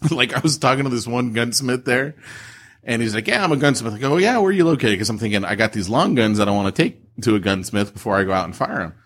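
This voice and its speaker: A man in his thirties co-hosting a podcast, telling jokey stories in casual banter and jumping up high when he quotes people. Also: a little fast, fairly bright tone. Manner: jokey storytelling, voices quotes with big pitch jumps. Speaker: podcast co-host.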